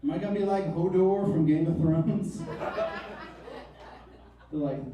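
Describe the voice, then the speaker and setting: A man's voice: fairly high pitch, fairly even intonation, moderate pace, mellow. A stand-up comedian in his thirties telling wry, self-mocking stories on a comedy club stage. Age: 30s. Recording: echoey club, mic from far off.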